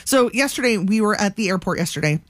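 A woman co-hosting a morning radio show, telling a story in an animated way. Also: medium pitch, fast, dry recording, studio quality. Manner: animated storytelling, laughing, acting out voices. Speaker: radio co-host. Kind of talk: casual morning radio banter.

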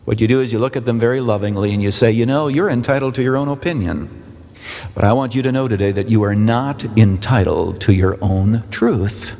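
A man's voice: mid-range voice, fairly quick, darkish tone. A man preaching a sermon as a pastor, speaking emphatically and asking rhetorical questions in a church sanctuary. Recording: long hall reverb.

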